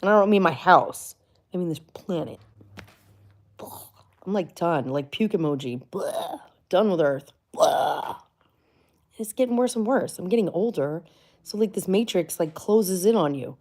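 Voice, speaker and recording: A woman's voice: on the low side, animated, measured pace, pauses often, darkish tone. A middle-aged woman vlogger from Florida, chatting casually and rambling through a story, full of likes and asides. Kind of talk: casual chat.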